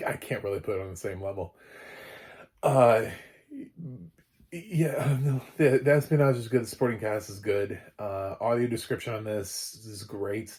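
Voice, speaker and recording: A man's voice: on the low side, a little mellow. A man giving a casual film review, rambling with many fillers and restarts, chuckling between thoughts. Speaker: film critic.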